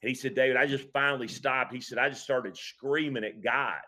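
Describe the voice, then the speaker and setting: A man who coaches high school football, speaking casually on a podcast, reflective and earnest, often restarting his sentences. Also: a little fast, bright, forceful tone. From Kentucky.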